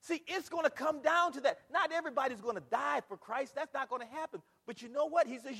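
An older man preaching a sermon in a church, animated, full of rhetorical questions and repetition. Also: very high voice, fast, vocal fry, few pauses, big-room sound. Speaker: pastor. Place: church sanctuary.

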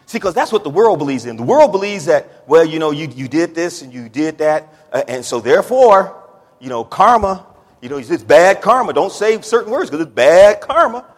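High-voiced preacher in an echoey church. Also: male voice, big pitch swings, moderate pace. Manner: builds from low talk to shouted pleading prayer; Southern-style preaching cadence, says y'all. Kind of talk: sermon. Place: church sanctuary.

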